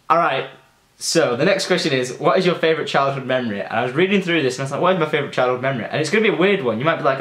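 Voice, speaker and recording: A man's voice: fairly high pitch, lively intonation, very fast, fairly bright tone. A young man, telling childhood stories in a chatty, loose way, swearing now and then. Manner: chatty, loose, swears freely, many fillers. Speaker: gaming vlogger. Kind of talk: casual storytelling. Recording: echoey room.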